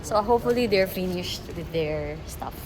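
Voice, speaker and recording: A woman vlogging casually while walking around, chatty and quick to giggle and exclaim. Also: on the low side, lively intonation. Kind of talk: casual travel vlog. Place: outdoors on a busy street and in shops. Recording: loud street noise.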